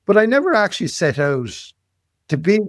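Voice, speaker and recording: A man, telling life stories as a podcast guest, animated and repeating words, often tagging lines with "right?". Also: high-pitched, moderate pace, dry recording, clean studio sound. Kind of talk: storytelling interview.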